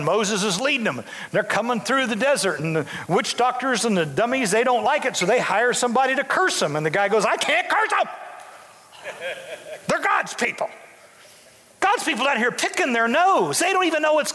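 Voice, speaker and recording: A man in his sixties preaching a sermon as pastor, animated and full of restarts. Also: very high-pitched, in a large hall. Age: 60s. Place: church sanctuary.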